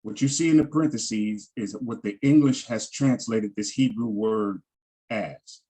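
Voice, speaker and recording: A man with a low, husky voice walks through vocabulary at an unhurried pace. He says each word twice, spells out its sound and meaning, and keeps checking in with a quick "all right." It has the steady rhythm of a patient classroom lesson. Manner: repeats words and pronunciations, frequent "all right". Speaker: Hebrew language teacher. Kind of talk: slow vocabulary lesson over shared screen.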